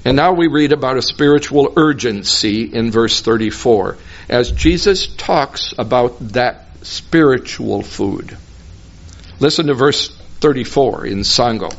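A man giving expository Bible teaching, explaining slowly and deliberately and singing out tonal words in another language. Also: medium pitch, animated, vocal fry. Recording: dull lo-fi recording.

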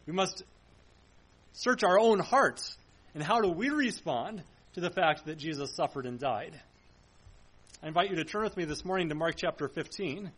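Male pastor, high-pitched, earnest sermon delivery with searching rhetorical questions, church setting. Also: animated, moderate pace, pauses often, a bit bright, slightly rough, poor audio. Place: church sanctuary.

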